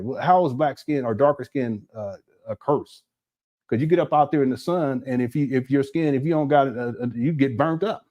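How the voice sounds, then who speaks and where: A man's voice: a little high, a little mellow. A man, giving a loose, conversational monologue full of laughs and restarts. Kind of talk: casual monologue.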